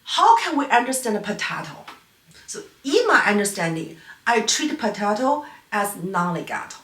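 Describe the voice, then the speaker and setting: A woman's voice: mid-range voice, sing-song, normal speed, a bit bright, far from the mic. A female piano teacher whose first language is Chinese, giving a patient, explanatory online lecture on playing technique. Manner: patient, explanatory, non-native phrasing. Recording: echoey room, voice a bit off-mic.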